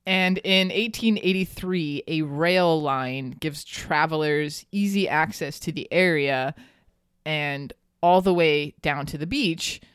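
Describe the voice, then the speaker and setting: A woman's voice: low voice, slow, smooth, dry recording, clean studio sound. A woman hosting a podcast, telling a local history story in a chatty, casual way and laughing often. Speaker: podcast host.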